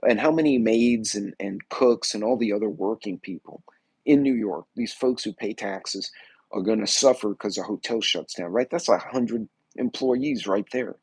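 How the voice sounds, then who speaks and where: A man's voice: on the low side, moderate pace, a little mellow, husky, no room sound. A man hosting a livestream, chatting casually and rambling as he greets viewers by name. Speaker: livestream host. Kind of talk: casual political livestream chat.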